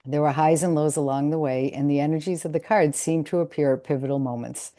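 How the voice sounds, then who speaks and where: A woman presenting her art project in a reflective, measured talk partly read from notes. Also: low voice, steady tone, warm tone.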